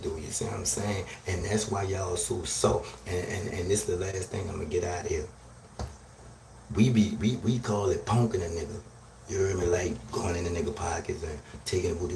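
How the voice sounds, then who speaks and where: A man hosting a live stream, delivering a loud, crude, rambling rant and checking in with "you hear me?". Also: fairly low pitch. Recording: roomy echo, distant from mic, faint noise.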